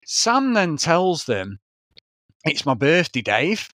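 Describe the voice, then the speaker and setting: A man's voice: fairly high pitch, big pitch swings, slow, fairly bright tone, no echo. A man, telling a story as a podcast co-host in casual, sweary chat. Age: 40s.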